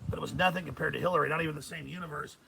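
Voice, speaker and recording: A man's voice: on the high side, fairly even intonation, rapid-fire, creaky, noisy background. A middle-aged man as a radio host, giving heated political commentary in an intense, emphatic ranting manner.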